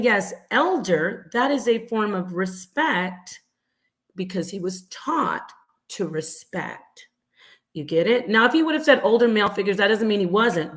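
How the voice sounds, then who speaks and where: A middle-aged woman, a mother, hosting a live stream and answering chat comments with animated, repetitive explanations. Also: mid-range voice. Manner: animated, acts out quoted voices, repeats points.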